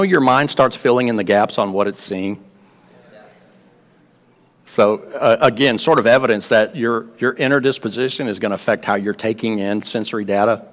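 A man preaching a sermon in a casual, conversational way, often repeating words and asking the congregation questions. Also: fairly low pitch. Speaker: pastor. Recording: long reverb of a hall.

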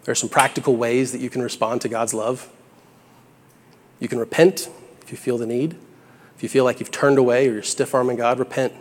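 A man's voice: mid-range voice, little pitch movement, a little fast, long pauses. A young man delivers a sermon in a casual, heartfelt manner, his mid-range voice rising into emphatic peaks on key lines. His words hang in a long church-hall reverb. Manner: earnest, conversational, builds to bursts of emphasis. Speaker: preacher.

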